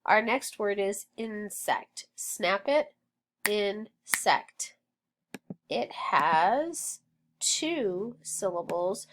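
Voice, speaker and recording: A woman teaching a phonics lesson, sounding out words slowly and encouraging her students. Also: medium pitch, animated, fairly bright tone. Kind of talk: slow, deliberate phonics drill.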